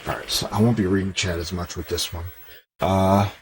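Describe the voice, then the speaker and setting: A man's voice: low-pitched, fairly even intonation, fairly quick, background noise. A man streaming games, chatting casually with viewers and rambling loosely as he reads their comments aloud. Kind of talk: casual chat with stream viewers while gaming.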